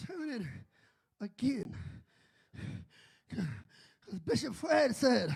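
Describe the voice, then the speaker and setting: A man preaching a sermon as a bishop, shouting and building into a singsong whoop. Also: very high voice, sing-song, drawn-out words, gravelly, pauses often, breathy edge.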